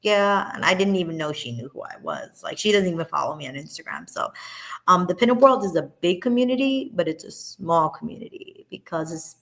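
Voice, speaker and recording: A woman's voice: fairly low pitch, animated, a little fast, a bit bright. A woman in her thirties, a guest in a casual interview, who rambles with many fillers. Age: 30s. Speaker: guest, pinup model.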